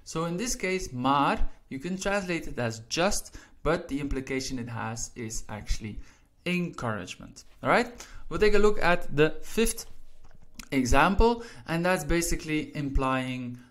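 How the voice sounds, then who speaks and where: A man teaching a language lesson, explaining example sentences step by step, slowing down to read each one and often checking in with "right?". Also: a little high, lively intonation, a bit bright. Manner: repeats "right?" and "all right?" after points, slows down to read example sentences.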